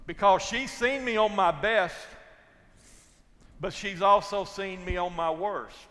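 A man's voice: high-pitched, slow. Older man preaching in a hall. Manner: wide swings from loud to hushed, folksy storytelling. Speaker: pastor. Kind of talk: sermon.

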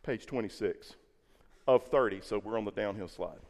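A pastor preaching an Easter sermon, swinging from hushed lines to loud, repeating phrases for emphasis. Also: male voice, on the low side, normal speed, big-room sound. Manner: impassioned, swinging from quiet to loud, repeating words. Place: church sanctuary.

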